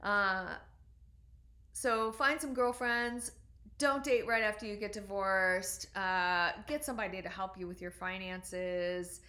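A woman in her forties, a doctor, telling a personal story in an earnest, reflective way with frequent pauses and ums. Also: mid-range voice, steady tone, pushed and bright.

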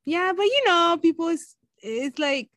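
A woman's voice: very high-pitched, lively intonation, measured pace, a bit bright, dry recording. Chatty woman podcast co-host, dry sound. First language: Spanish. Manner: chatty storyteller, laughs often, lots of "like" and "you know". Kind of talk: casual chat.

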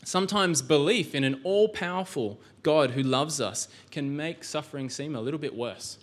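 A man's voice: a little high, moderate pace, few pauses. A male pastor giving a sermon in a church, conversational, with rhetorical questions and frequent restarts.

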